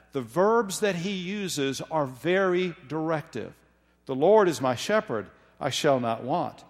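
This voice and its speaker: Man preaching in a reverberant hall. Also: a little high. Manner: measured, emphatic, slows down for scripture. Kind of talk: sermon.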